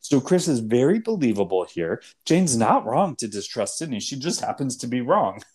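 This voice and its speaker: A man co-host builds his argument about a show step by step, with a mid-range voice. His pitch moves in lively swings as he makes each point. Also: normal speed, slightly rough. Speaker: podcast co-host. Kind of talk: casual TV recap chat.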